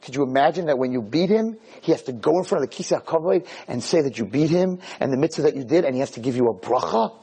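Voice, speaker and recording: A man giving a lively Torah sermon to a class of girls, telling stories and acting out the dialogues, in a room with a live audience. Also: a little high, quick pace, hardly any pauses, slightly rough. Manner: animated, storytelling, acts out dialogues. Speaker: Torah lecturer.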